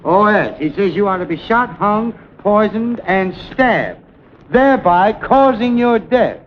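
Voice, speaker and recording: An actor playing a fussy, excitable man who commands a comic firing squad, flustered and giggly, with wild swings in pitch, in a 1920s film comedy sketch on a muffled 1929 soundtrack. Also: a little slow, a little hiss or hum. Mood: fussing.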